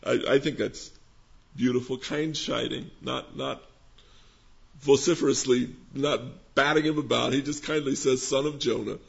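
A man preaching a sermon in a gentle, conversational teaching manner, posing questions to his listeners. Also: medium pitch, fairly even intonation, unhurried, creaky, lo-fi sound. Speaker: pastor.

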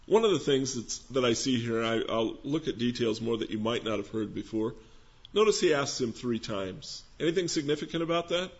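A man preaching a sermon in a gentle, conversational teaching manner, posing questions to his listeners. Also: mid-range voice, expressive, brisk, hardly any pauses, dull audio. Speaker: pastor.

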